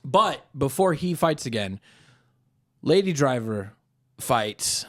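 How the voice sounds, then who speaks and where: A young man co-hosting a comedy podcast, pitching a movie in animated casual chat and often laughing. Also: takes it slowly. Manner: animated, breaks into high-pitched character voices and laughter.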